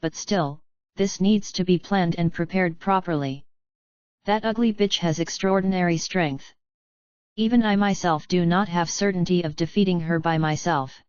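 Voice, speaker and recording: A man's voice: sits high, moderate pace, smooth, no echo, natural voice. A woman reading the lines of a paranoid, vengeful lord who curses his enemy, in an audiobook. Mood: cold calm. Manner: cursing, enraged. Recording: dull, lo-fi, dry.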